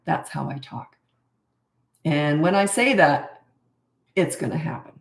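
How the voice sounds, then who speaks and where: A woman in her fifties, a parenting coach answering questions on a live stream, talking in a calm, plain-spoken way and sometimes acting out a firm, steady parent's voice. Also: low-pitched, a little slow, creaky, roomy sound.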